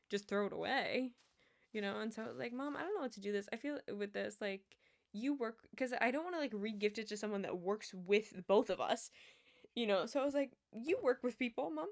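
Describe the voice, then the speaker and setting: A young woman streamer telling a rambling story in casual chat, laughing often and filling her talk with "like". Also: mid-range voice.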